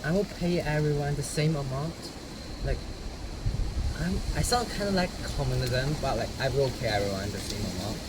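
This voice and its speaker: A man's voice: mid-range voice, moderate pace. A man answering interview questions in a casual, emphatic way, often laughing between his points. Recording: steady background noise.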